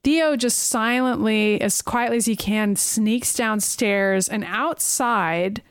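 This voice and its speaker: A woman co-hosting a podcast, chatting casually about a film with quick reactions and asides. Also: on the high side, clear, resonant tone. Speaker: podcast co-host. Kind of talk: casual film recap chat.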